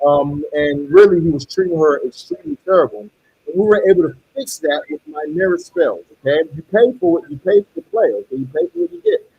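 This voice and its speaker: A man reading tarot and pitching paid rituals in a salesy way, often repeating "okay" and "you guys.". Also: sing-song, brisk, gravelly, mellow, slightly rough, dry recording, lo-fi sound. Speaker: tarot reader and spell seller.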